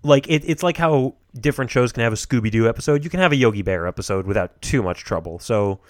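A man's voice: medium pitch, animated, no room sound. A male co-host chats easily on a podcast, playful and ready to laugh. His voice sits in the middle of the range. The sound is dry and close, with no room around it. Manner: playful, breaks into quick impressions and laughs. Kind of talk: casual chat.

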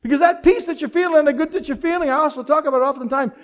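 Middle-aged male pastor with a high voice, preaching with energy and humor. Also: rapid-fire, hardly any pauses. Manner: animated preaching with rhetorical questions and humor. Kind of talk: sermon.

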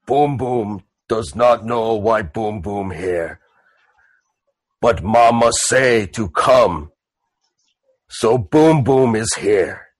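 A man putting on a slow, dim half-orc brute. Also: on the low side, no echo. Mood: slow, dazed. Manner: broken simple speech, talks of himself by name. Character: huge dim-witted bald male half-orc, confused.

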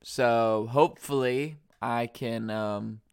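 A man with a stuffy nose talks solo on his podcast in loose, rambling chat, leaning on fillers. His voice is smooth and clean. The sound is close and dry. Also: mid-range voice, steady tone, slow, no echo. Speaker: podcast host.

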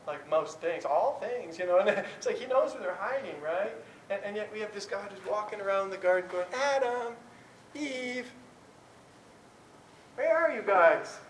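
A man who teaches Bible, giving an informal talk to a class in a candid, chatty way with frequent chuckles and restarts. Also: sits high. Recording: roomy, distant mic, faint background noise.

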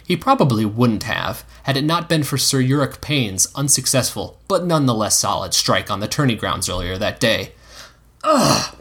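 A man's voice: mid-range voice, animated, normal speed, few pauses, fairly bright tone, breathy edge. A man narrating a story aloud, reading expressively and giving the characters voices. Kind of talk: reading fan fiction aloud.

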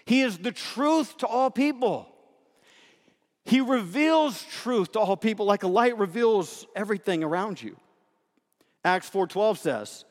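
A man preaching a sermon as a pastor, emphatic and conversational, animated in his delivery. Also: high-pitched. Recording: long hall reverb.

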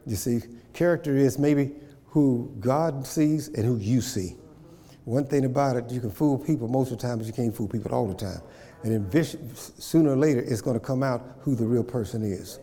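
A man's voice: mid-range voice, moderate pace, mellow, long reverb tail. A man preaching a sermon, repeating phrases and checking in with his congregation. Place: church.

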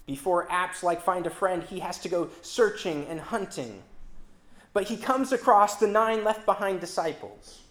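A preacher giving a sermon in an expressive, emphatic manner, with dramatic swings between loud and soft delivery. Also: medium pitch, measured pace. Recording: roomy echo.

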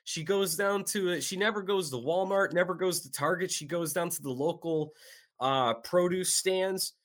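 A man's voice: sits high, normal speed, a bit bright. A man co-hosting a podcast in casual chat, joking crudely and swearing freely. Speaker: podcast co-host.

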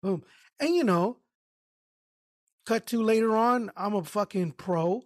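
Taking it slowly in a high voice, a man co-hosting a podcast narrates a work story in casual chat, cursing and acting out other people's words with energy. The recording is studio quality and has no room sound.

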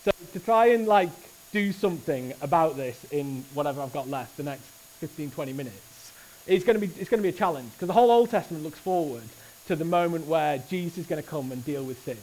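A man preaching a sermon at a church service, earnest and animated, often restarting his phrases. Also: on the high side, fairly quick, poor audio.

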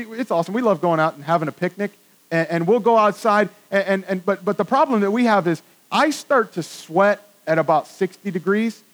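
A man with a high voice preaches a sermon in a church, talking in a casual, conversational way. He drops to a hush for reflective points and rises to loud emphasis when he drives a point home. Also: poor audio. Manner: conversational, swings from hushed to emphatic. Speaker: pastor. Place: church with congregation.

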